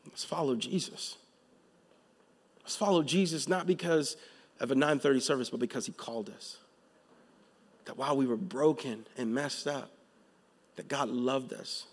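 A man preaching a sermon, moving from calm teaching to loud, emphatic passages, with casual slang in his storytelling. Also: medium pitch, moderate pace, long pauses. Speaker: pastor.

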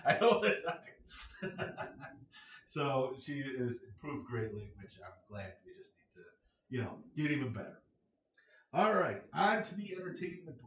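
A man's voice: medium pitch, a little hiss or hum. Rambling middle-aged man in echoey room. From United States. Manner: rambling, joking, opinionated. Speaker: podcast host. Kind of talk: casual solo monologue. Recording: echoey room, mic at a distance.

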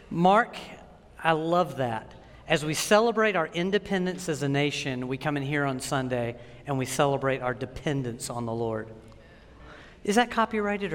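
A man preaching a sermon as pastor, telling stories in a joking, animated way. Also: a little high, long reverb tail. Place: church sanctuary.

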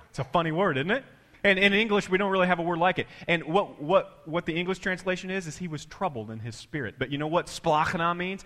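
A man preaching a sermon with big swings in loudness and pitch, dropping to a hush for quoted words. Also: big pitch swings, fairly quick, big-room sound. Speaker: pastor.

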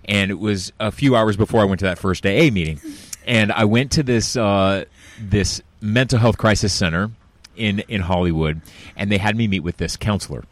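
A man hosts a conversation, telling his own stories earnestly and picking up energy as he reaches the point. His voice sits on the low side. The recording is dry and close. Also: moderate pace, dry recording. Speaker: podcast host. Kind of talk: conversational interview with personal stories.

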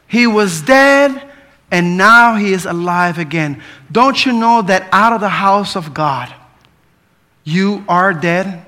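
Man, preacher, very high voice, bright forceful tone, casual humorous sermon, repeats words. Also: lively intonation, a little slow. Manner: conversational and humorous, tells personal stories.

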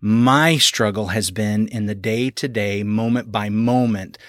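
A middle-aged man with a fairly low voice, thinking aloud about his reactions as a parent. He speaks in a self-examining way. The recording is close and dry. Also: a little slow, no echo. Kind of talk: casual faith-based parenting discussion.

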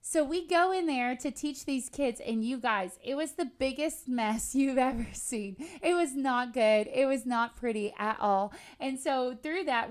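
A woman in her thirties teaching on a faith podcast, speaking earnestly and telling personal stories in a conversational way. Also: a little high. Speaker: podcast host and Bible teacher.

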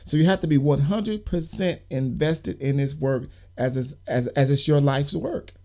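A man's voice: a little high, moderate pace, mellow. Earnest man giving a motivational talk. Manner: emphatic, repeats key words, builds lists. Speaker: podcast host and youth worker.

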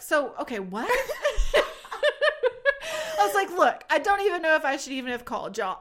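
Bubbly high-voiced woman telling a story. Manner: animated, laughing often, acts out quotes. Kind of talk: casual chat.

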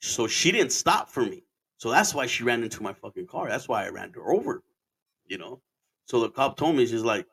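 A man's voice: medium pitch, lively intonation, a little fast, pushed and bright, husky. Rambling, profane man from Arizona. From Arizona, USA. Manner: rambling, profane, switches into Spanish phrases. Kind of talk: casual storytelling monologue.

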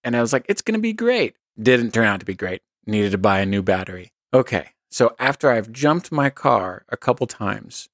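A man's voice: lowish voice, normal speed, few pauses, fairly bright tone, no room sound, studio quality. A middle-aged man co-hosting a podcast, telling stories in an easygoing way and laughing mid-sentence. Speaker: podcast co-host. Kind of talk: casual conversational advice.

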